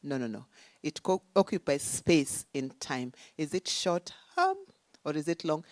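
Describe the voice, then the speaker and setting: A woman speaking at a symposium, giving a deliberate academic talk with emphatic points and rhetorical questions. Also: sits low, a little mellow, no room sound. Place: conference venue.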